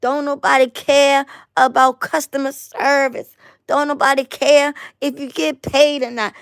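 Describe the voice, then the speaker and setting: A woman, hosting a live online show and ranting emphatically to viewers, repeating herself and stumbling on restarts, tired and going hoarse. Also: high-pitched, level tone, measured pace, no echo, clean studio sound. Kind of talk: impassioned live rant to viewers.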